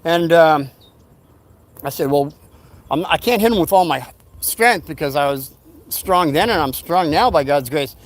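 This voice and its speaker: High-voiced older man telling a story. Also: measured pace, long pauses. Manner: rambling, animated retelling with acted-out quotes. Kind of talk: casual storytelling.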